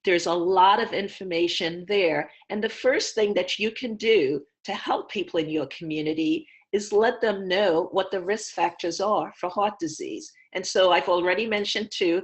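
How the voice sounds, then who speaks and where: A woman physician on a video call, explaining health advice in a clear, patient, teacherly way. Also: fairly low pitch. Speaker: physician guest.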